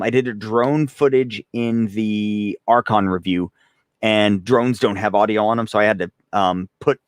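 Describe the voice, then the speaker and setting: A man's voice: on the low side, no room sound, clean studio sound. A young man casually chatting on a live stream as a host, rambling and self-deprecating, often laughing while reading chat. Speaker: gun channel host.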